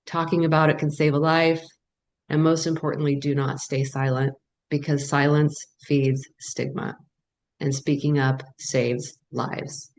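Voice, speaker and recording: A woman's voice: deep voice, little pitch movement, unhurried, a little mellow, slight background noise. Earnest woman speaking over a video call. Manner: earnest and emphatic, repeating phrases. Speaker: panelist, bereaved mother and advocate. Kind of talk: heartfelt webinar testimony.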